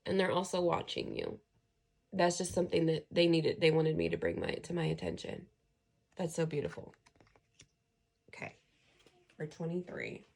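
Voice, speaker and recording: Gravelly-voiced woman reading tarot cards. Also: low voice, wildly swooping pitch, normal speed, pauses often, darkish tone. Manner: chatty and earnest, reading card texts aloud. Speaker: tarot reader. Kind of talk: casual pick-a-card tarot reading.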